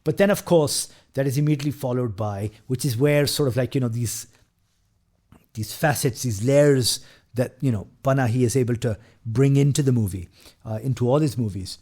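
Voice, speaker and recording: A man's voice: mid-range voice, normal speed, a little mellow. A man hosting a casual film review who retells scenes at length, with frequent fillers, restarts and quoted lines from the characters.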